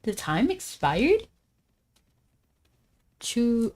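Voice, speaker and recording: Woman streamer, rapid chatty gaming talk, giggly, fillers. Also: lowish voice, animated. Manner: fast-talking, says "like" a lot, giggly. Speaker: game streamer. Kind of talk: casual live-stream chat while gaming.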